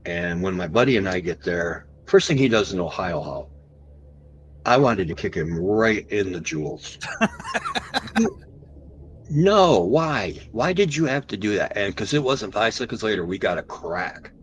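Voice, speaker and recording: A man as a podcast guest, recounting an encounter story animatedly and slowing down for the tense moments. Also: low voice, wildly swooping pitch, a little hiss or hum, low-quality recording.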